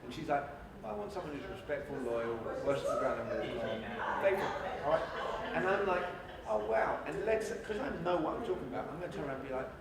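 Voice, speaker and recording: A man giving a blunt, animated sales-training talk to a live audience, acting out both sides of conversations. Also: a little high, fast, over a noisy crowd.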